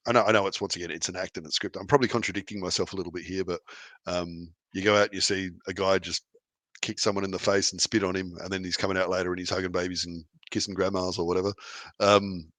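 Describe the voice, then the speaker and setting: A man's voice: deep voice, little pitch movement, fast talker, a bit bright, dry recording. A man, a wrestler guest on a podcast, talking in a rambling, easygoing way with many restarts. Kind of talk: casual interview chat.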